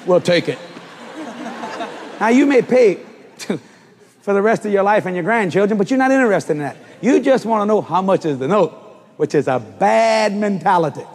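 A man in his sixties, preaching a sermon as an animated storyteller who laughs and acts out the voices in his story. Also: high-pitched, moderate pace, pauses often. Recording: reverberant hall.

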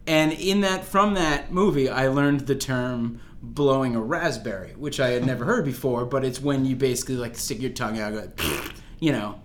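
A man in a casual chat, asking lively questions and laughing in disbelief. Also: medium pitch, normal speed, a little hiss or hum. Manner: animated, questioning, laughs, incredulous.

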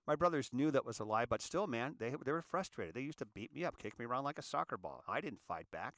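A man of sixty from California, hosting a show and telling his story in an earnest, halting monologue that often repeats words. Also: mid-range voice, animated, a bit bright, no room sound. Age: 60s. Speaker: show host. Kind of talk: confessional monologue.

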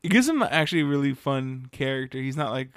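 A man co-hosting a casual anime review chat, relaxed and hesitant, often trailing off. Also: medium pitch, quick pace, no echo, studio quality. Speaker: podcast co-host.

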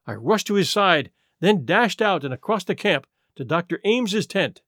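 Male audiobook narrator, high voice, very lively intonation. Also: moderate pace, dry recording, clean studio sound. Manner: expressive, animated reading. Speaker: audiobook reader. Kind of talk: scripted first-person narration.

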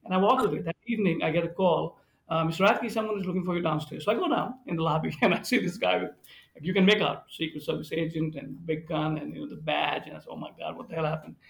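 Hotelier guy as guest storyteller, high voice with a gravelly edge, animated delivery. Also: quick pace, rough recording. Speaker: hotel managing director, guest. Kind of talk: storytelling in a podcast conversation.

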